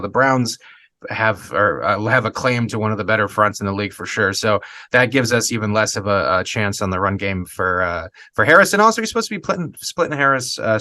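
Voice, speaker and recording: A man with a bright, forward tone talks through football bets casually, stumbling and circling back with lots of fillers. He sounds close to the microphone in a dry, dead room. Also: mid-range voice, dry recording. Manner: loose, rambling, with fillers. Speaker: podcast co-host. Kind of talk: casual sports betting chat.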